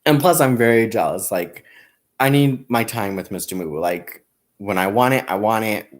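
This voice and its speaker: A man's voice: lowish voice, normal speed. A man hosting a crafting livestream, chatting casually and self-mockingly and laughing often. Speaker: crafting channel host.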